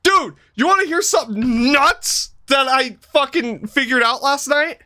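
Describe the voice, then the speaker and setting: A man's voice: very high voice, unhurried. A man in his thirties chatting casually on a game stream, swearing freely, laughing often and telling stories. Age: 30s. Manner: animated, profane, laughs often. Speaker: streamer host. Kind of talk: casual chat while gaming.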